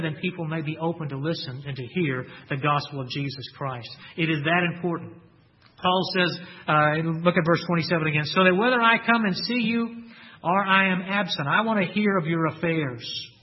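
A man's voice: a little high, dull audio. A man preaching a sermon in an earnest way, repeating key phrases and quoting scripture. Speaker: pastor.

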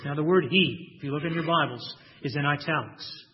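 Emphatic preacher man, muffled recording. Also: on the high side. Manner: emphatic, stresses key words with slow drawn-out lines; repeats words when restarting. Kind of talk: sermon. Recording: dull lo-fi recording.

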